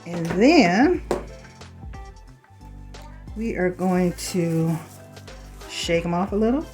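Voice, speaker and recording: A woman hosting a home cooking demonstration, chatty and unhurried, speaking to viewers as "you guys", a little hoarse from a lingering cough. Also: fairly low pitch, animated, over music, rough recording. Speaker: cooking channel host.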